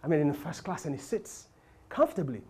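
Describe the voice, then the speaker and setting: Lively husky Ugandan storyteller. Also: male voice, fast talker. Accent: Ugandan English. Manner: animated, acts out characters with big pitch jumps. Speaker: comedian. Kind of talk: stand-up storytelling.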